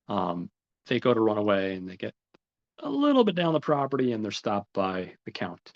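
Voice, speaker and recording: A man casually recaps a story, rambling from scene to scene and quoting each character with "he's like." His voice sits low. The recording is muffled and lo-fi. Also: huge pitch swings, moderate pace. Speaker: podcast host. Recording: dull lo-fi recording.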